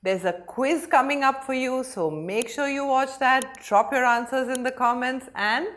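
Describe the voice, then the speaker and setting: Lively woman teaching vocabulary. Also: high-pitched, unhurried. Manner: lively, animated explaining with hand gestures. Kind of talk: vocabulary lesson.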